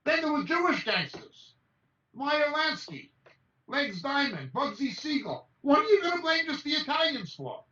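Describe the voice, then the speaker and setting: A man's voice: very high voice, very animated, moderate pace, bright, forceful tone. Emphatic man on an echoey video call. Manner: emphatic, rattles off lists of names. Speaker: Bible teacher. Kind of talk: impassioned message over a video call. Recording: echoey, distant, dull video-call audio.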